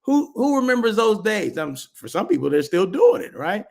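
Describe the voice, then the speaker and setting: A man's voice: high-pitched, very animated, normal speed, creaky. A man hosting a live daily show, chatting casually in a rambling way with lots of asides and restarts. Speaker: host. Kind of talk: casual livestream chat.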